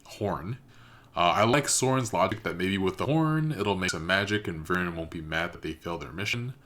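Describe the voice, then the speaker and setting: A man's voice: sits low, fairly quick, fairly bright tone, a little hiss or hum. A man hosting a reaction channel, chatting casually and thinking aloud with lots of fillers.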